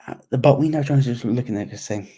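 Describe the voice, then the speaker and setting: A man co-hosting a casual sports chat, talking in an animated, rambling way and often repeating himself. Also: medium pitch, brisk, breathy edge. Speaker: podcast co-host.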